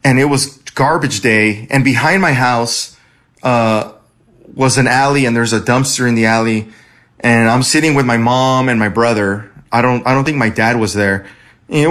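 A man's voice: mid-range voice, fairly bright tone. A man from California, an Army veteran, telling his own war story in a conversational way, restarting phrases now and then. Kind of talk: personal storytelling.

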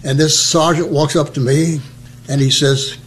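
An older man from New Jersey, telling his wartime memories as a lively storyteller who acts out the voices. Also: on the high side, unhurried. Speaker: veteran recounting memories. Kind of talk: oral history storytelling.

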